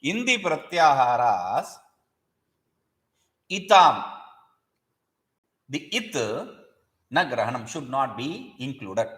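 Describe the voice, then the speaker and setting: A man's voice: medium pitch, sing-song, slow pace, long pauses, fairly bright tone. A man teaching a grammar lesson, patiently explaining and repeating terms and asking rhetorical questions. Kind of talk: explanatory lecture.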